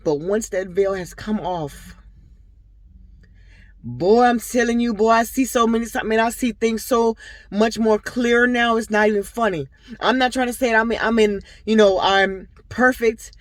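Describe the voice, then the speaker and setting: A woman's voice: a little high, unhurried, no echo. A young adult woman talking straight to her viewers in a casual vlog, telling stories in an earnest, rambling way full of fillers. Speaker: vlogger and boutique owner. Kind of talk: casual personal vlog talk.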